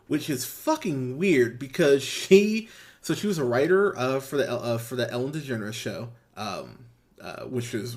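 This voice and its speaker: A young man hosting a podcast, giving an enthusiastic, profane review in casual chat with many restarts. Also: medium pitch. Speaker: podcast host.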